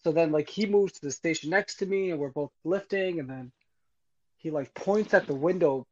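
A man telling a casual story on a podcast, animated and acting out both sides of it. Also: a little high, moderate pace. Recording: muffled lo-fi audio.

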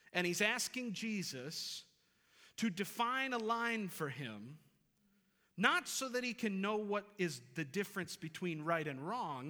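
A man's voice: high-pitched, pushed and bright. A man in his thirties preaching a sermon as pastor in a church, earnest and emphatic, repeating key phrases. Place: church sanctuary. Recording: reverberant hall.

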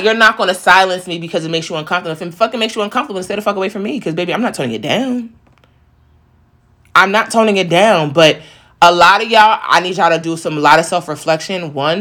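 A woman's voice: fairly low pitch, a bit bright. A thirty-year-old woman in casual chat, talking in a blunt, profane and emphatic way.

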